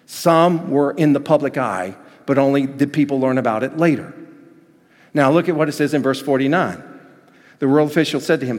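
A male pastor preaching with dynamic swings, dropping to near-hushed tones and then building to emphatic, raised passages. His voice sits at an ordinary mid pitch and carries a long hall reverb. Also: moderate pace, pauses often. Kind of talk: sermon.

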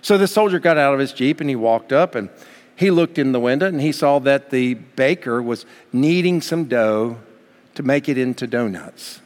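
A man's voice: medium pitch, normal speed. A man preaching a sermon as pastor, from the United States, building to fervent emphasis. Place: church sanctuary. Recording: long hall reverb.

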